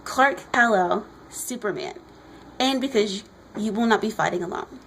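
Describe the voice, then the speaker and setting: A woman reading aloud as a heroic warrior woman, giving an earnest, measured speech of encouragement. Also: medium pitch, a bit bright, a little hiss or hum, low-quality recording.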